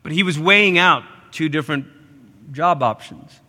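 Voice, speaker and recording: A man delivers a sermon in a high, bright voice. He is animated and acts out quoted voices with sudden leaps in pitch, and the sound carries a long echo from a large hall. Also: normal speed. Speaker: pastor. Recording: live church hall reverb.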